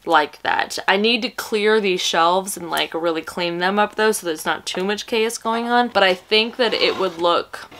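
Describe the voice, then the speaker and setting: Woman, book vlogger, casual chat, rambling, mid-pitched voice. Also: unhurried, few pauses, a bit bright. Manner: chatty, rambling, talks to her pet.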